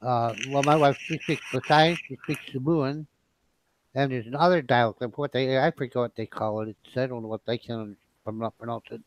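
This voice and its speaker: A man's voice: medium pitch, steady tone, brisk, rough recording. A man from the United States in a casual group chat, talkative and insistent, often laughing.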